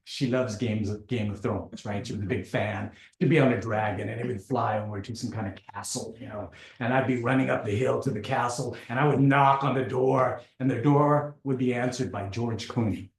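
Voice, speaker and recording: Halting man telling a story, echoey room. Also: medium pitch, fairly even intonation. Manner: halting, repeats words, dark self-mocking humor. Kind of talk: personal storytelling monologue.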